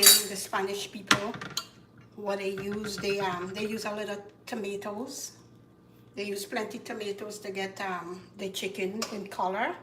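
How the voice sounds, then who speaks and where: A woman with a Caribbean accent hosting a casual cooking demonstration, chatty and repeating herself, getting loud and emphatic when she makes a point. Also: medium pitch, recorded from a distance, heavy background noise. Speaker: cooking show host. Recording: echoey kitchen, voice from off-mic. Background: faint clatter of pots and dishes.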